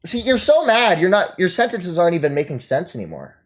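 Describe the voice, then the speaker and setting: Mocking male streamer with lively pitch. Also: fairly quick. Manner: mocking, scornful, laughs often. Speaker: streamer reacting to chat. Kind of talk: livestream commentary.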